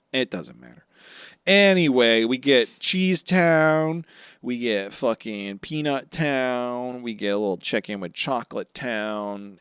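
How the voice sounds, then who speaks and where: A man co-hosting a casual podcast, recapping the story with lots of energy. He drops into quick, goofy voices for the characters. The sound is dry and close to the mic. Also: lowish voice, clear, resonant tone, no room sound. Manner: animated, acts out characters in quick silly voices. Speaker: podcast co-host. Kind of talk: casual chat recapping anime episodes.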